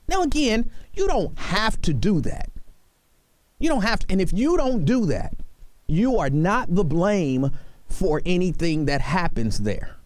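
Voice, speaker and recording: A man's voice: high voice, very animated, measured pace, no room sound. A man hosting a talk radio show, speaking earnestly and pleading with his listeners, repeating himself for emphasis. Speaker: radio host.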